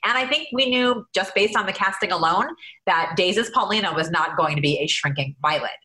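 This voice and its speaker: A woman's voice: medium pitch, fairly quick, bright, forceful tone, rough recording. A woman co-hosting a podcast, speaking as an enthusiastic, gushing fan of her guest. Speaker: podcast co-host. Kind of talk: podcast conversation.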